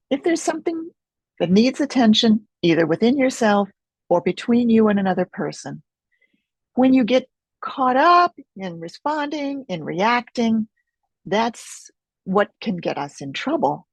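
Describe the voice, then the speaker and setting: A middle-aged woman leading an experiential teaching webinar in a gentle, reflective way, pausing often, over a video call mic. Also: medium pitch, vocal fry, slightly rough, no room sound. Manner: gentle, reflective, unhurried with pauses. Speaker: Focusing teacher.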